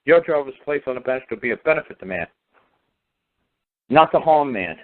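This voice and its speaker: A caller-style discussion on a phone talk show features a man with a medium-pitched voice and lively intonation, speaking at normal speed. He presses his arguments hard, asking the same kinds of rhetorical questions again and again.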